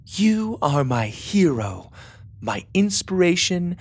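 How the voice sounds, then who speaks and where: A man's voice: high-pitched, very animated, takes it slowly, breathy edge, voice pushed up, full character voice. A man voicing a bold, playful teenage girl cadet in an audiobook story. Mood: teasing. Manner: playful and teasing.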